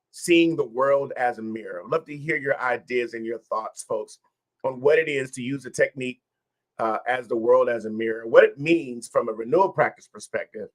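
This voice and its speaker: A man's voice: medium pitch, fairly bright tone. Encouraging man hosting a wellness stream. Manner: encouraging, repetitive phrasing, addresses viewers directly. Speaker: host of a wellness session. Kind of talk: livestream wellness talk.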